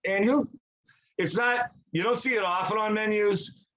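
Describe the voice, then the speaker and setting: A man's voice: sits high, fairly even intonation, normal speed, fairly bright tone, rough recording. A young man co-hosting a podcast, telling rambling stories in casual chat, swearing freely and acting out quotes. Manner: rambling storyteller, swears a lot, acts out quotes. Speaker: podcast co-host.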